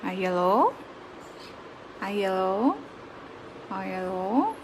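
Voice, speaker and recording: A woman's voice: medium pitch, fast talker, long pauses, very noisy. A woman vlogging with her pet birds, cooing in sing-song baby talk and mixing English with Telugu.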